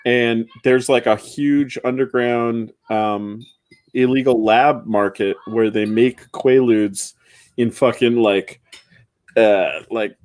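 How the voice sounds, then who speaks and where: A man's voice: mid-range voice, fairly even intonation, takes it slowly, a little mellow, no echo. Rambling man in his forties, dry close mic. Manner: rambling storyteller, slips into goofy voices. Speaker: podcast co-host. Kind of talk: casual chat.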